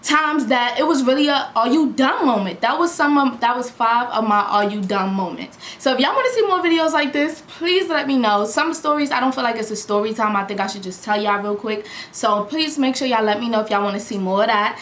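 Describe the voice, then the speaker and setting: A young woman vlogger telling a storytime in a casual, slangy, animated way, acting out what people said. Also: on the high side, a little fast, few pauses. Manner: animated, slangy, acts out quotes loudly. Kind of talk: storytime vlog. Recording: echoey room with faint background hum.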